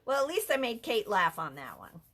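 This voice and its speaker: A woman's voice: on the high side, sing-song, fairly quick, a bit bright. A woman leading a live craft lesson from an art center office, chatty and easily amused. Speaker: art instructor.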